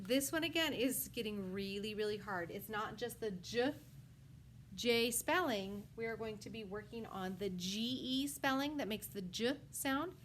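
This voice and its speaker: A woman teaching a first grade phonics lesson, sounding out words slowly piece by piece and praising often. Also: medium pitch, a little hiss or hum. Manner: slow, sound-by-sound enunciation with frequent praise. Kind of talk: phonics lesson for young children.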